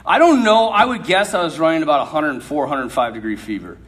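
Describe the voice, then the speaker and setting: Animated high-voiced preacher telling a comic story. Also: male voice, brisk. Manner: animated, laughs through his story. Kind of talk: humorous sermon storytelling.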